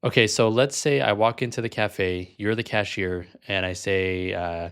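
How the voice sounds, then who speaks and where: A man's voice: lowish voice, moderate pace, hardly any pauses, a bit bright, clear, resonant tone. A man hosting a vlog, talking casually with lots of fillers and restarts. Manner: casual, many fillers, self-correcting. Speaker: vlog host, language learner. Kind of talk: casual chat.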